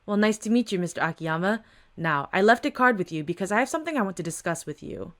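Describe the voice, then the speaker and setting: Courteous, knowing businessman, calm and measured, read by a woman. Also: high-pitched. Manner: polite, measured. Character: smooth male shop owner, polished and knowing.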